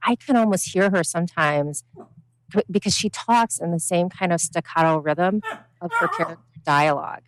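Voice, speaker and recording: A woman co-hosting a podcast in casual chat, measured and reflective with halting phrasing. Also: on the low side, a little hiss or hum, poor audio. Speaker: podcast co-host.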